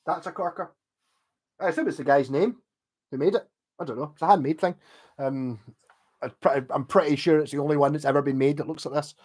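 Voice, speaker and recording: Chatty Scottish man, slightly high voice. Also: fast talker, a little mellow. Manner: rambling and chatty, with frequent restarts and casual swearing. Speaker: livestreamer talking guitar repair. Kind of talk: casual livestream chat.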